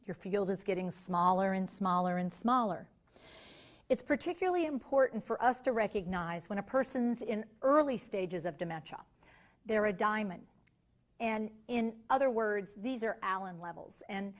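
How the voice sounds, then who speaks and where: Woman, dementia care educator, lecture, deliberate explaining, mid pitch.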